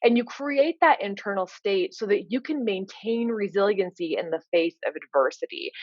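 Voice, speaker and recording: A woman's voice: medium pitch, dry recording, muffled recording. A woman coach giving an informal lecture, earnest and explanatory, often filling with "you know". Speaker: leadership coach.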